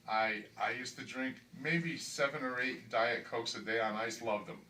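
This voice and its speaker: A middle-aged man speaks earnestly in a candid patient testimonial, stumbling and repeating words, swinging from low and quiet to loud and excited. His voice sits at an ordinary pitch and is caught from a distance in a hospital room, with a faint hiss underneath. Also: normal speed, hardly any pauses, reverberant. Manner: emphatic, stumbling repetitions, grows excited and loud. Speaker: weight-loss surgery patient.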